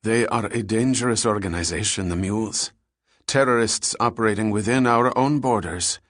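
A man's voice: lowish voice, normal speed, no room sound, studio quality, natural voice. A man reading an audiobook, voicing a nervous and evasive male antiquities dealer who turns guarded and indignant. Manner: guarded, indignant, slightly pleading. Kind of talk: audiobook character voice.

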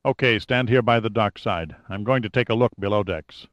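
Narrator voicing a low, clipped male agent on the radio. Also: moderate pace, dry recording, dull audio, close to an everyday voice. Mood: urgent. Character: male federal agent, steady then shaken.

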